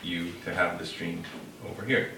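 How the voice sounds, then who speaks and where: A man's voice: sits low, steady tone, normal speed, sharp tone, a little hiss or hum, voice pushed down. A man voicing a clever young girl who outwits an ogre, speaking in a sly, matter-of-fact way. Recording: roomy, distant mic.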